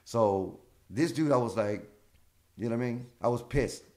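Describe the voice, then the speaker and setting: A man's voice: medium pitch, moderate pace. A man, a comedian guest, telling casual stories with lots of swearing and acted-out dialogue. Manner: animated, acts out quoted dialogue, swears freely. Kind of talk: casual storytelling.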